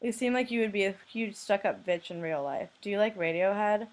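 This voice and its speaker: A young woman from the United States, a blogger who reads anonymous messages aloud in a flat, deadpan way. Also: medium pitch, fairly quick. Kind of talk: reading messages aloud to camera.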